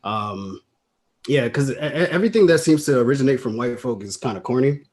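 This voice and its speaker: A man's voice: mid-range voice, expressive, a little fast, noisy background. A man doing a stand-up comedy set over a video call, talking loosely and conversationally with plenty of slang.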